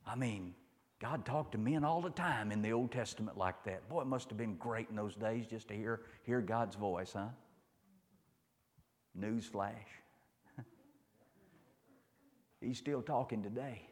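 Folksy preacher in an echoing hall. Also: male voice, fairly low pitch, a little slow, long pauses. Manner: folksy storytelling preacher, repeats phrases, asks "huh?". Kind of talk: sermon.

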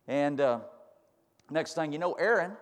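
A man's voice: on the high side, a little slow, in a large hall. A man preaching a sermon, retelling scripture in a folksy way and building to fervent emphasis.

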